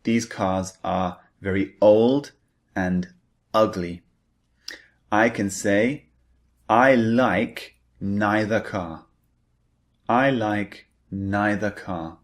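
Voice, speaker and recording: Slow, low-voiced male English teacher. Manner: repeats key points, stresses words. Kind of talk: slow, deliberate grammar lecture.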